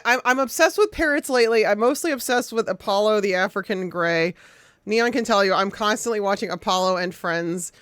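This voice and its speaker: Giggly woman streamer gushing at chat, mid pitch, dry close sound. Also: a bit bright, no echo. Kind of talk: casual live-stream chat.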